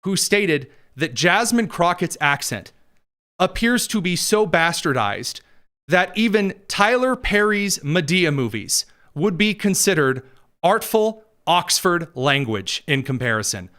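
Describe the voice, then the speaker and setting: A man's voice: high voice, sing-song, a little slow, a bit bright. A man hosting a political commentary show, talking in a sarcastic, mocking way with exaggerated emphasis.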